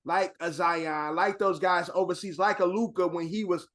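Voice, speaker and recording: A man co-hosting a casual podcast, rambling through his points with lots of "like" and quick agreement. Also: high voice, fairly even intonation, a bit bright. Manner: rambling, agreeable, many fillers like "like". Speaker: podcast co-host.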